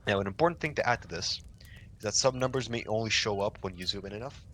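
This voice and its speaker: Low-voiced young man teaching radio drills. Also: fast talker, slight background noise. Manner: relaxed, loose, swears casually, many restarts. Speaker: milsim instructor. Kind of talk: casual training session.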